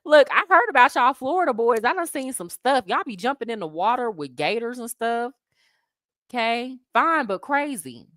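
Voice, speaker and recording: A woman's voice: a little high, expressive, normal speed, a bit bright, no room sound. A woman from the United States who hosts a casual travel livestream, chatting animatedly with viewers, laughing often and speaking in slang. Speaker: expat travel livestream host. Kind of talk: casual livestream chat, answering viewer comments. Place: Colombia, living abroad.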